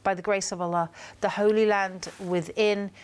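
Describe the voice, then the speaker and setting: Animated Scouse woman telling stories. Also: medium pitch. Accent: Liverpool (Scouse). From Liverpool, England. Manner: animated storyteller, slows down on emotional points. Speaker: guest author. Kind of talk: casual interview chat.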